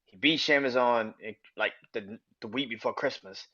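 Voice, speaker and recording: A young man hosting a wrestling podcast, ranting casually, swearing freely, getting excited, and laughing often. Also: mid-range voice, normal speed, husky, dull audio. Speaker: podcast host.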